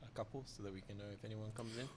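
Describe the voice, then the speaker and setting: A man with a lowish voice chats through a tabletop session. His humor is dry and teasing, with a faint hiss behind him. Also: fairly even intonation, rapid-fire, darkish tone. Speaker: player. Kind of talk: casual tabletop play.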